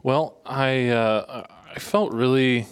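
A man who is a priest, talking in a measured, self-deprecating way on a casual podcast. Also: medium pitch, clear, resonant tone.

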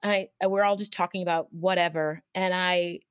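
A woman's voice: fairly low pitch, normal speed, smooth, no room sound, studio quality. Earnest woman telling a personal story. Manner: lively and earnest, many restarts and fillers like 'like'. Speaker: cycling instructor.

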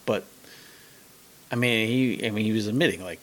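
A man's voice: lowish voice, moderate pace, pauses often, a bit bright. A young man co-hosting a casual podcast chat, rambling through a retelling with lots of fillers and restarts. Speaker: podcast co-host.

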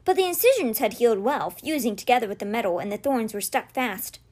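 Woman reading a kids book aloud, steady gentle storytelling, kinda high voice. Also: brisk. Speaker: read-aloud podcast host. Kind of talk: reading a children's novel aloud.

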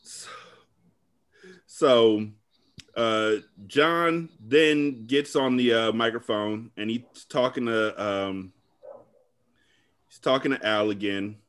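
A man hosting a podcast, with a deep voice, recapping a film in casual, profane, rambling chat. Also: slow pace, long pauses, a bit bright, clear, resonant tone. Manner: profane, rambling, retelling scenes. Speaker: podcast host. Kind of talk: casual movie-review chat.

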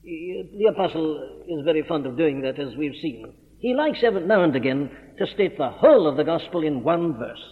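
A man delivers an earnest expository sermon, leaning hard on key words and repeating them for emphasis. His voice sits fairly high. The recording is old and tinny, with a long echo from a church hall. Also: animated, moderate pace, hardly any pauses. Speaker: preacher.

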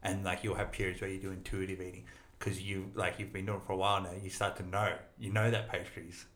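A man talking casually as a nutrition coach, giving relaxed advice with lots of fillers. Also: low-pitched, fast, reverberant. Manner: relaxed, advisory, filler-heavy. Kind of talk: casual interview chat.

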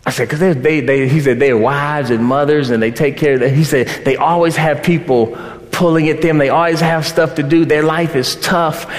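High-voiced preacher in an echoing hall. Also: male voice, fairly even intonation. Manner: dynamic, rising to shouts and slowing for emphasis. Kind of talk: sermon. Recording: roomy hall with long reverb.

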